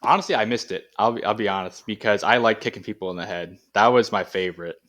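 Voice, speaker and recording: A man being interviewed as a Paralympic athlete, talking in a relaxed, rambling way with many fillers. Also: lowish voice, fast. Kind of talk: casual interview chat.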